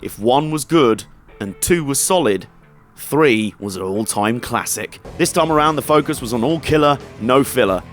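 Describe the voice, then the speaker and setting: A man's voice: mid-range voice, expressive, moderate pace, soft background music. A man narrating a scripted video game retrospective, with wry, sarcastic asides.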